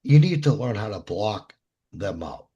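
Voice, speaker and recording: A man hosting a casual chat among DJs, asking his co-hosts questions in an animated way. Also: fairly low pitch, unhurried, husky. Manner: animated, asks probing questions. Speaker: DJ show host. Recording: muffled lo-fi audio.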